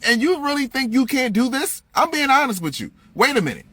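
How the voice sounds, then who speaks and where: Very high-voiced and very animated, a man rants on his livestream into a phone at a brisk pace with hardly any pauses. His tone is sharp and slightly rough, with no room sound. He's blunt, profane and preachy, hammering his point by saying it again and again.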